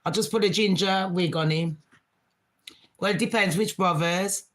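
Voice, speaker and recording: A Jamaican woman with a lowish voice talks at a normal speed in Birmingham English carrying a Jamaican touch. She hosts a casual livestream, chatty and quick to laugh, responding to the comments viewers post.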